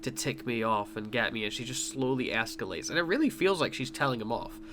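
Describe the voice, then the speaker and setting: Podcast co-host, casual rambling recap guy, mid pitch, hum and hiss under him. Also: animated, brisk. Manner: rambling, laughs often, retells scenes. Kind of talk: casual review chat.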